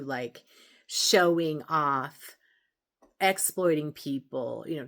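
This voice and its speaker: A woman speaks in a slightly low register as she hosts a self-help video. She talks to camera in a casual, earnest way. She explains patiently, often restarting a phrase or adding an aside. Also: a bit bright. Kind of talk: casual advice talk to camera.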